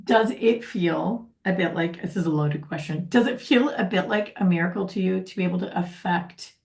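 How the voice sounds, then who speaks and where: A woman hosting a session who asks a participant a question in a gentle, measured way. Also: lowish voice, vocal fry.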